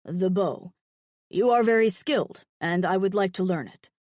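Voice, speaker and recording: A woman voicing a gruff, shy male alien hunter with horns and a tail, who talks in a terse, formal way. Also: medium pitch, normal speed, darkish tone, no room sound, clean studio sound, lightly acted. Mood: earnest. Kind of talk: audiobook character voice.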